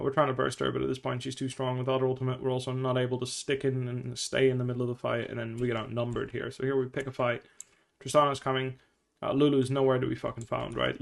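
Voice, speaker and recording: Fast-talking gravelly male coach. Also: mid-range voice. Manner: blunt, swears often, acts out little scenes. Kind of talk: casual game coaching.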